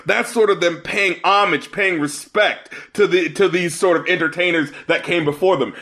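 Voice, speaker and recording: A man co-hosting a podcast in casual chat, heated and profane, his voice climbing into shouts when angry. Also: high voice, fairly even intonation, normal speed, few pauses. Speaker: podcast co-host.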